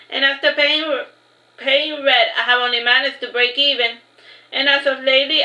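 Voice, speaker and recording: A woman reads her own first-person tale aloud, her voice high and bright. She keeps an even, flat read-aloud delivery and stumbles over a word now and then. The sound is roomy with echo and a little dull and lo-fi. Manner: steady read-aloud delivery with occasional slips. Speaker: author reading her own book. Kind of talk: first-person storybook narration. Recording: echoey room, slightly dull lo-fi sound.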